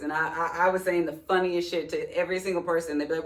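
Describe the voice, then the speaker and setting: A woman in her twenties co-hosting a podcast, teasing her partner and firing back quick comebacks. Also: on the low side, fairly even intonation, a bit bright, recorded from a distance. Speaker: podcast co-host. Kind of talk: casual chat. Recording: roomy, from away from the mic.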